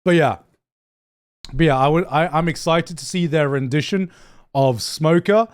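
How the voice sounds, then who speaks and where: Young man, streamer, casual reaction chat, slightly high voice, excitable, sweary, repetitive. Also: a little slow. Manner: excitable, swears freely, repeats and restarts words, laughs often. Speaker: streamer reacting to anime news.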